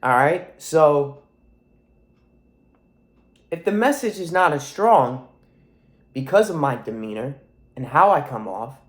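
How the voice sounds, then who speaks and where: A young man in his twenties, his throat sore and his nose stuffy, talks in a soft voice that sits a little high for a man. He rambles to camera in a profane, emphatic way, swearing often and repeating himself. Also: animated, slow, pauses often. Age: 20s. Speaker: vlogger. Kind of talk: casual monologue to camera.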